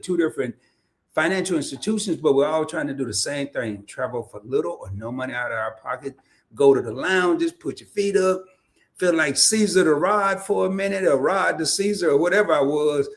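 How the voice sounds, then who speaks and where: A man from Arkansas, hosting a casual livestream and telling stories with laughs and lots of restarts. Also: fairly high pitch. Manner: animated storytelling with laughs and repeated restarts. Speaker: host.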